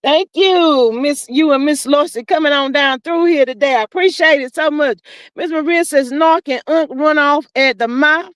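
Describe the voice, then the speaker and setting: A woman hosting a casual livestream, reading chat comments aloud and riffing on them with sassy, animated commentary, calling viewers "child" and "honey.". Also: high voice, normal speed, dry recording.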